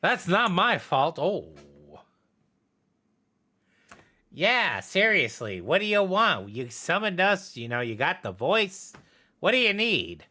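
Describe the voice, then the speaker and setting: A brash little male city rat, perched a few notes above the performer's usual voice and pushing forward louder. He rattles off quick, teasing questions with a cocky swagger, as a man puts him on at the game table. Lively and bouncy in his pitch. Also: full character voice. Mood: indignant. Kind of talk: tabletop role-play voice.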